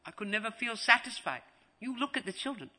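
A man's voice: extremely high pitch, fairly quick. A man giving a devotional lecture as a spiritual teacher, repeating phrases for emphasis and acting out scenes. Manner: animated, acts out scenes.

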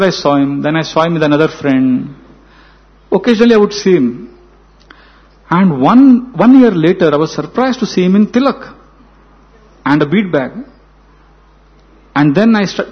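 Indian guy preaching, tells a story and acts out the lines, high voice, dull lo-fi sound. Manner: animated, acts out dialogue. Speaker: spiritual speaker. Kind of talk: storytelling sermon. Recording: dull lo-fi recording.

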